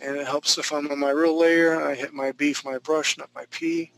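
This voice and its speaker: Male drawing instructor, gravelly, slightly high, casual running commentary. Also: little pitch movement, moderate pace, fairly bright tone, soft background music, low-quality recording. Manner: loose, joking, thinking aloud while drawing. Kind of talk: live online drawing class. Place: home studio.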